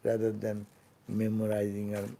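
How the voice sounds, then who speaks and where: Gravelly, mellow-voiced swami teaching slowly. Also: male voice, lowish voice, monotone, slight background noise. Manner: slow, halting delivery with many restarts and fillers, trailing off softly at phrase ends. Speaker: swami giving a scripture class. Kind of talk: unscripted spiritual lecture. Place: temple lecture hall.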